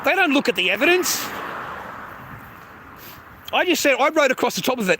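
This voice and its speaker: A man's voice: very high voice, sing-song, fairly quick, long pauses, background noise. A man with an Australian accent ranting in a casual, heated, profanity-filled monologue. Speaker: streamer.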